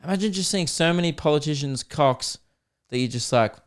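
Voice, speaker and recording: Profane Australian comedian ranting. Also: male voice, fairly high pitch, a little fast, clean tone. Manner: animated, profane, laughing often. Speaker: podcast host. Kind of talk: comedic podcast rant.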